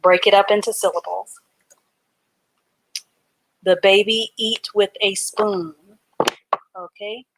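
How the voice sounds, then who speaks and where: A woman's voice: medium pitch, fairly even intonation, slow pace, pauses often. A woman teaching a live online reading class, patiently sounding out words letter by letter and syllable by syllable.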